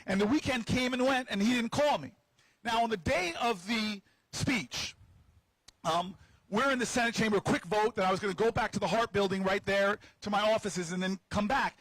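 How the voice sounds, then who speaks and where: A man with a high, husky voice tells a story to a crowd outdoors. He is playful and teases his listeners, often stumbling over and repeating his words as he goes. His voice sounds close and dry. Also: moderate pace, fairly bright tone, dry recording, low-quality recording. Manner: stammering restarts and repeated words. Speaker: senator. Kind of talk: storytelling speech at an outdoor rally. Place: outdoors on building steps at a rally.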